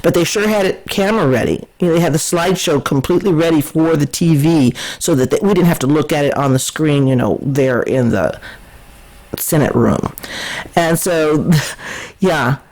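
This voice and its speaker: A woman's voice: low voice, moderate pace, a little mellow, poor audio. A woman hosting a podcast, giving chatty, opinionated political commentary in a scornful, mocking way. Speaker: podcast host.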